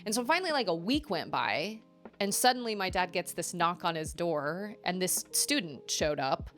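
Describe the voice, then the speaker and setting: Give me a chatty young woman streamer, lively storytelling with music low behind her. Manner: animated and chatty, with quick asides. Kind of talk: casual storytelling on a live game stream.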